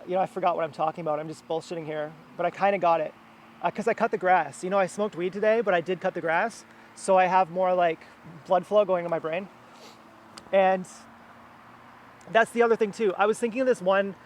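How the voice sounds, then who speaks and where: A man with a high, light voice rambles on in a personal monologue, circling back and restarting his sentences. He is recorded outdoors, and faint street and traffic sounds sit behind him. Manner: meandering, many fillers and restarts. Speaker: vlogger. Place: outdoors near a house.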